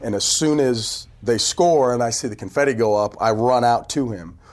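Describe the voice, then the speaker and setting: A man telling stories in a casual podcast chat, animated and laughing often, acting out what people said. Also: mid-range voice, moderate pace. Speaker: team PR executive telling stories. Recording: phone interview audio.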